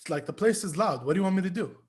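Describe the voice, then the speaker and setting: Young male host, slightly raised pitch, laid-back and quick to laugh. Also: expressive, slightly rough. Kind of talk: casual chat.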